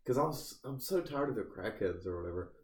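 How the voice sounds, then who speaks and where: Rambling low-voiced man in a roomy space. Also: expressive, a little fast, darkish tone. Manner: rambling, heavy use of "like" fillers, restarts mid-sentence. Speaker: podcast co-host. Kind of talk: casual storytelling chat.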